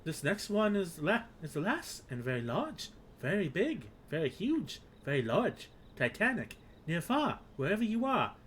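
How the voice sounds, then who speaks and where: A man's voice: high-pitched, very animated, normal speed, few pauses, a bit bright, a little hiss or hum, pitched above the performer's own voice. A man voicing a timid, eager little male kobold who repeats his words and speaks in broken grammar. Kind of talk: voicing game dialogue aloud.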